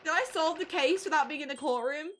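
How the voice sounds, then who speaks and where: A woman's voice: high-pitched, quick pace, fairly bright tone, slight background noise. A young woman streaming a game, joking playfully and reading its dialogue aloud.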